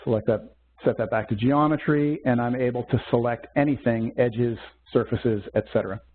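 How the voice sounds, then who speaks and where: Man explaining software over tinny audio. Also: medium pitch, fairly even intonation, normal speed, slight background noise. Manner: methodical step-by-step explaining with fillers. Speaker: software instructor. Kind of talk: screen-share software demo webcast. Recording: tinny phone-like webcast audio.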